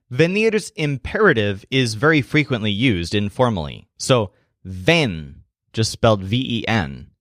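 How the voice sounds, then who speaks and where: A man narrating a scripted language lesson as a slow, deliberate story. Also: mid-range voice, lively intonation, a bit bright, no room sound, clean studio sound. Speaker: language teacher.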